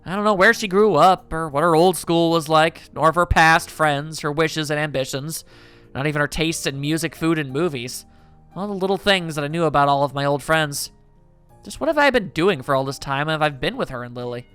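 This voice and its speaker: Let's play host narrating a visual novel, bright slightly high voice, soft guitar underneath. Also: male voice, a little fast, smooth. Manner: reflective first-person narration. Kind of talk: reading a visual novel aloud.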